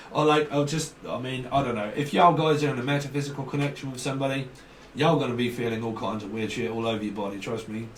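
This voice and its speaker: A man's voice: mid-range voice, fast talker, recorded from a distance. Man, rambling comic tarot reader, recorded in a roomy space with faint hiss. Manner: jokey, rambling, breaks into song and silly voices.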